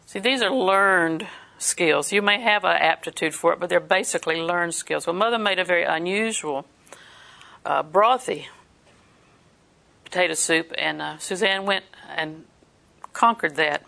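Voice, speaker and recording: An older woman delivers a sermon in a bright, forward voice. She mixes homely family stories with scripture and laughs easily as she talks. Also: on the low side, measured pace, creaky. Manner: folksy storytelling, laughs often. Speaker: preacher.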